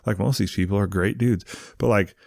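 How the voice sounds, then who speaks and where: A man's voice: on the low side, fairly even intonation, fast talker, gravelly, darkish tone, dry recording, studio quality. A man guest talking in a laid-back, casual way, dropping "dude" often. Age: adult, a parent. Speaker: donut shop owner, guest. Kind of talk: casual conversation.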